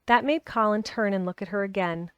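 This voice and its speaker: A woman's voice: mid-range voice, brisk, clear, resonant tone, no room sound. Woman reading a classic novel aloud. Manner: steady storybook narration with small restarts. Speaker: reader.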